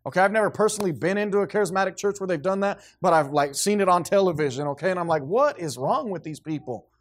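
A man delivers a sermon from the pulpit with a fairly high voice. He preaches emphatically, often restarting his sentences. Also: racing. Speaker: pastor.

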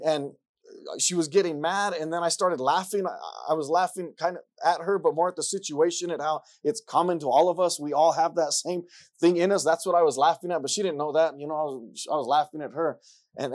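A man preaching a sermon, repeating himself and rising from quiet passages to loud ones. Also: on the high side, fairly quick.

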